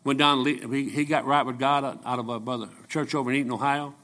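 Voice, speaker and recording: Folksy older preacher, bright edge. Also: male voice, mid-range voice, steady tone, quick pace. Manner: folksy, jokey, shouts rising to preaching peaks. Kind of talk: folksy sermon with stories.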